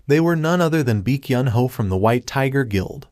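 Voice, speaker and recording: A man narrating a recap of a fantasy comic story in a steady scripted read. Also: mid-range voice, moderate pace, dry recording, clean studio sound.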